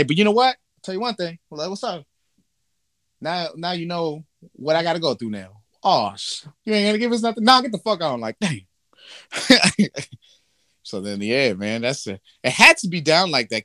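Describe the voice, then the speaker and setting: Man, casual comedic chat, lively pitch, bright, profane, acts out characters. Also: dry recording, studio quality. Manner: animated storytelling, acts out voices, profane.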